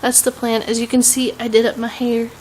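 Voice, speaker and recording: A woman's voice: on the high side, level tone, fast talker, a little mellow, slight background noise, rough recording. A young woman with a Southern US accent, chatting casually in a home vlog, rambling with many "um"s and laughs. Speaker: vlogger.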